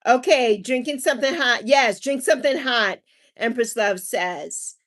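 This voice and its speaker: A woman's voice: fairly high pitch, measured pace. A middle-aged woman hosting a casual livestream, chatting and reading viewer comments aloud with lots of laughter. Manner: animated, laughs often, reads chat aloud. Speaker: livestream host reading chat.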